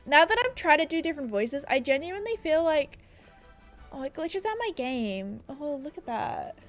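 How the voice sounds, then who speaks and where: A woman's voice: high voice, very animated, moderate pace, faint music behind. A young Australian woman in her twenties, giving casual, self-deprecating gameplay commentary into a desk microphone in her apartment, laughing often. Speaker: gaming YouTuber. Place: apartment room.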